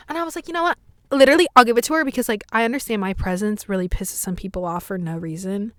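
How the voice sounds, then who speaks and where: Young woman, podcast host, casual storytelling, swears a lot, loud outbursts, fairly high voice, dry close sound. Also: normal speed, no echo. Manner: animated, swears a lot, bursts into loud exclamations.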